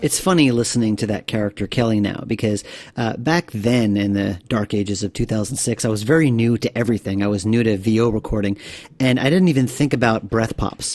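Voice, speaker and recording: A man's voice: lowish voice, fairly quick, darkish tone. A man giving a developer's commentary on his game, talking in a rambling, hesitant way full of fillers. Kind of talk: director's commentary.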